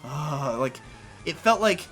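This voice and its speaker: A man from Canada co-hosting a casual gaming video, rambling and ranting in an animated way. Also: high-pitched, fairly quick, soft background music. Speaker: co-host of a gaming channel. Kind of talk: casual chat over gameplay.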